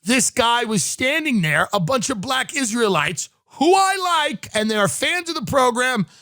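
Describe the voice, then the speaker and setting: A man's voice: extremely high pitch, big pitch swings, measured pace, sharp tone, no room sound, clean studio sound. A man hosting a podcast, riffing sarcastically through a comedic rant. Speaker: podcast host.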